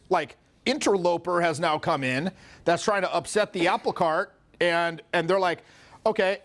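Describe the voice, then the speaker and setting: A man in his forties, a social skills coach, talking casually in an animated, profane way and acting out other people's voices. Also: a little high. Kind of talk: casual chat.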